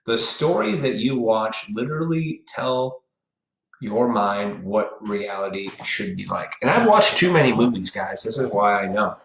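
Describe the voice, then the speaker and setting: A man's voice: on the low side, expressive, measured pace, reverberant, low-quality recording. Blunt, profane man ranting. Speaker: live stream host. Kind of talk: ranting monologue.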